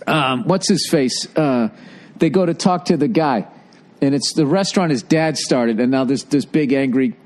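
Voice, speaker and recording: A man's voice: mid-range voice, moderate pace. A middle-aged man hosting a podcast, telling a story in casual, profane chat and laughing as he goes. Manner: animated, profane, laughing through his story. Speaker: podcast host.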